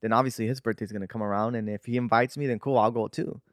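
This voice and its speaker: A man's voice: medium pitch, fairly even intonation, fast talker, dry recording, studio quality. A young man in casual chat, blunt and slangy, now and then slipping in Spanish words.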